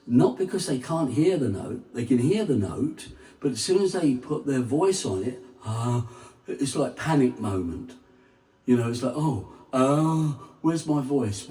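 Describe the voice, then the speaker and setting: A man teaching singing to camera as a vocal coach, talking in an unhurried, emphatic way and breaking into sung vowels and scat syllables to demonstrate. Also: mid-range voice, sing-song, mellow, far from the mic. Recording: roomy, off-mic sound with faint music.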